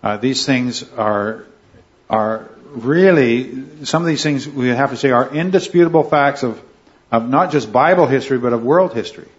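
A man of ordinary pitch leads a Bible study group, teaching earnestly and often pausing to ask "right?" as he goes. His voice comes through a dull, lo-fi recording. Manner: earnest, checks in with "right?" and "okay".

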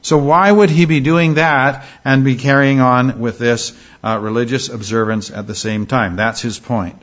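A man leading a verse-by-verse Bible study in a conversational teaching style, often pausing with fillers and checking in with "all right?". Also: mid-range voice, steady tone, fairly bright tone. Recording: slightly dull lo-fi recording.

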